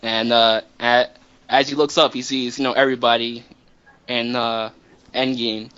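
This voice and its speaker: A man's voice: mid-range voice, little pitch movement, a little slow, sharp tone, clean tone. A man casually telling a long story to friends, rambling and profane with many restarts. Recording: dull lo-fi recording.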